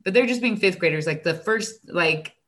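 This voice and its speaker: A young woman, a teacher, chatting casually and acting out her students and herself in animated stories. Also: fairly low pitch, moderate pace. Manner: animated storytelling, acts out student dialogue, frequent "like". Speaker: elementary school teacher. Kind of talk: casual chat.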